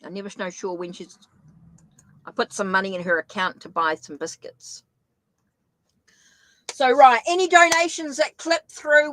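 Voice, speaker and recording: A woman's voice: on the high side, fairly bright tone, rough recording. A middle-aged woman with a New Zealand accent, chatting her way through a live-streamed tarot reading, thinking aloud with frequent restarts. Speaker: tarot reader.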